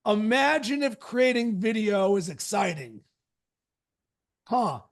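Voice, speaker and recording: A man with a strikingly high, gravelly voice coaches a live online workshop. He talks with energy and emphasis and leans on short, punchy catchphrases. He is heard through a video call mic. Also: sing-song, takes it slowly.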